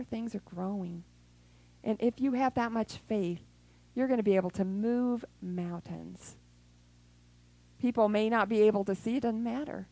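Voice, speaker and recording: A woman preaching a sermon who acts out prayers and little scenes, even with sound effects. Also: fairly high pitch, poor audio.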